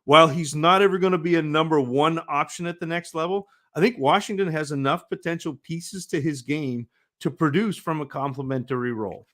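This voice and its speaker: Guy co-hosting a podcast, fairly high voice, reads his scouting notes steady and scripted. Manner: measured, scripted evaluation. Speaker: podcast co-host, draft analyst. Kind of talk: reading prepared scouting notes.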